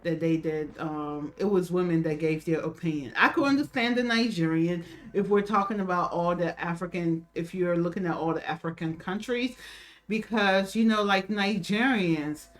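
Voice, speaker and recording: A woman co-hosts a casual chat show, reacting to a video in loose, chatty talk full of fillers and restarts, laughing often. Her voice is fairly low, at a moderate pace.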